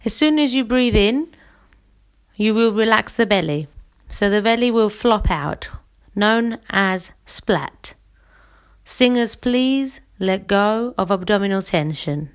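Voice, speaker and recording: A woman leads a breathing lesson for singers at an unhurried pace, pausing between steps. Her voice sits at an ordinary middle pitch, and her instructions are calm and clear. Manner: slow, calm, instructive, counts and demonstrates. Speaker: singing teacher. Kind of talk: guided breathing exercise lesson.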